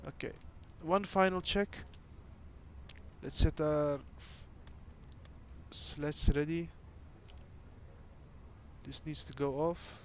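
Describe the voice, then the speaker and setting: A man's voice: fairly high pitch, extremely slow, long pauses, slight background noise. A man whose first language is Dutch, chatting casually and thinking aloud as he runs cockpit checks while streaming a flight simulator. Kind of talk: casual gameplay commentary.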